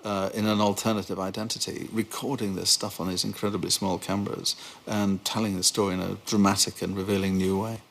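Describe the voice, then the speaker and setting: A man contributing to a documentary, explaining in an animated way. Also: sits low, fairly quick, gravelly, hardly any pauses, a little hiss or hum.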